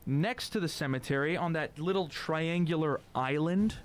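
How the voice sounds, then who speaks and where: A man's voice: fairly high pitch, moderate pace. A young man hosting a casual college radio chat show, talking in a playful, theatrical, teasing way from a studio. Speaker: podcast host.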